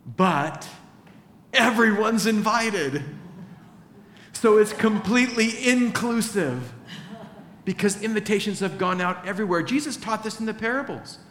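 A man's voice: sits high, animated, unhurried, fairly bright tone. A male pastor preaching a conversational sermon, acting out short dialogues in different voices. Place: large church hall. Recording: echoey hall, faint ambience.

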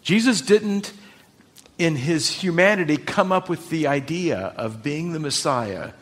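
A man's voice: a little high, animated, unhurried, fairly bright tone. Earnest preaching man. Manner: earnest storytelling preacher, varied emphasis. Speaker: pastor. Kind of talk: sermon.

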